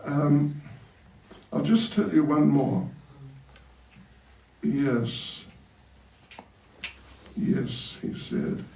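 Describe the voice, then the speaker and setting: An extremely slow speaker, this monk delivers a storytelling sermon in a temple hall, breaking his humorous stories with long pauses and chuckling at his own jokes. His voice is on the high side, dark-toned, with vocal fry. He sounds distant in the roomy hall.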